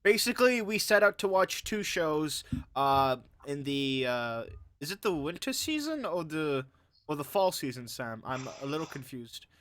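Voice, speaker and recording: A man's voice: on the high side, very animated, normal speed, fairly bright tone, dry recording. A young man from Canada hosting a casual anime review chat, rambling with lots of fillers and restarts. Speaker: host.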